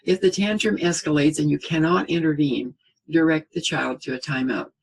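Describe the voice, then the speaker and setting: A middle-aged man giving a spoken parenting lesson in a calm, reassuring way, often checking in with "okay?" and acting out what a parent would say. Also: on the high side, moderate pace, vocal fry, rough recording. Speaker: parenting teacher.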